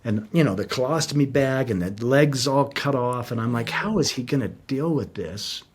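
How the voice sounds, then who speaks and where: A man's voice: mid-range voice, lively intonation, normal speed, breathy edge. A middle-aged man, a guest in an interview, telling a personal story in an earnest, heartfelt, reflective way.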